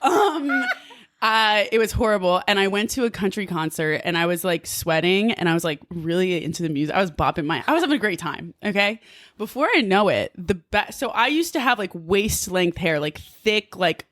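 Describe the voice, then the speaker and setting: A woman from New Jersey chats as a podcast guest, telling a story with animated energy and a constant stream of "like". Her voice sits at a middle pitch. The recording is dry, with no room sound. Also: normal speed, dry recording. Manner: animated, filler-heavy with frequent "like", laughs often. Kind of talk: casual storytelling.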